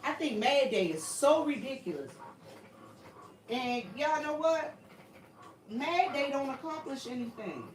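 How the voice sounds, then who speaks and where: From her home workshop, with a printer running, a Southern-accented YouTube host chats casually on a livestream, earnest and repetitive, addressing viewers as y'all. Her voice is on the high side, picked up by a distant mic in a roomy space, with a bit of hiss or hum on a rough recording.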